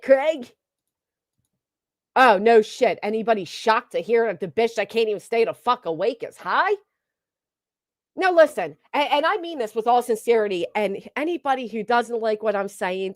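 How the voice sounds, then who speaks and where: Streamer, woman, high pitch, dry close sound, foul-mouthed mocking rant. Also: animated, normal speed, no room sound. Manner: blunt, mocking, swears heavily. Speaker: commentary streamer. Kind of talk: profane reaction commentary.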